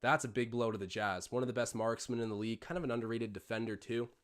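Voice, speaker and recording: A man's voice: medium pitch, steady tone, fast talker. A young Canadian man hosting a live watch-along stream, mixing casual play-by-play with rambling chatty tangents.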